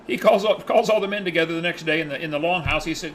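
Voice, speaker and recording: Bright-voiced man teaching a Bible lesson. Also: high voice, fast talker, a little hiss or hum, poor audio. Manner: animated, acts out the characters' lines in his retelling.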